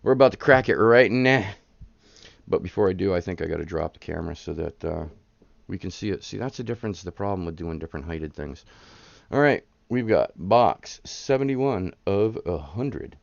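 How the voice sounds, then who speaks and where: A man's voice: low-pitched, animated, moderate pace, gravelly, no echo, dull audio. A man in his thirties hosting a live card-breaking stream, chatting casually and hyping up the pulls. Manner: chatty, rambling, hypes up the pulls.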